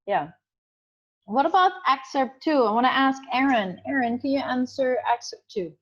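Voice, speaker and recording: A woman's voice: high voice, lively intonation, normal speed. A woman teaching an English class over a video call, chatty and encouraging, often checking that students follow. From Indonesia. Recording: dull muffled video call audio.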